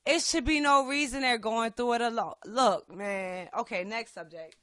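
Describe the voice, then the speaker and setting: A woman hosting a podcast, talking in an impassioned, profane way that swings between quiet and loud. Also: a little high, normal speed, no room sound. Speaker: podcast host. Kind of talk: casual political chat.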